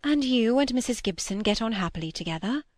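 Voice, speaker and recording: A woman voicing a gentle, anxious older lady who is ill, speaking softly and unhurriedly in a storybook reading. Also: on the high side, lively intonation, fairly quick, dry recording, studio quality. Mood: tender.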